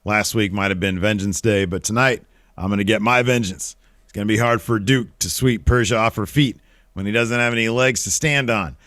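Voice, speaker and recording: A man's voice: fairly low pitch, a little fast, fairly bright tone, dry recording, clean studio sound. A man in his thirties co-hosting a casual podcast, chatting in a rambling, self-mocking way. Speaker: co-host.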